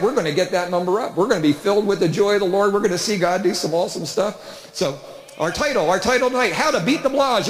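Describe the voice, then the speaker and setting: Middle-aged male comic, high voice, spinning animated stories, roomy hall sound. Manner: storytelling with big animated voices. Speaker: comedian. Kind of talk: stand-up comedy talk. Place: church hall with live audience.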